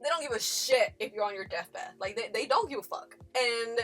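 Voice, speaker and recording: Woman podcast host, bright high voice, swoops around a lot, swears and laughs while she tells stories. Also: normal speed, faint music behind. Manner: animated, profane, laughing storyteller. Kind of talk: casual storytelling chat.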